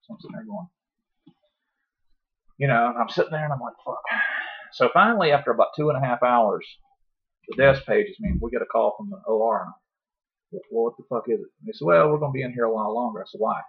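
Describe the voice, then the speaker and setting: A man telling a long story in casual podcast talk, profane and animated, acting out his own past words. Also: medium pitch, fast talker, long pauses. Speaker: podcast guest. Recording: dull lo-fi podcast audio.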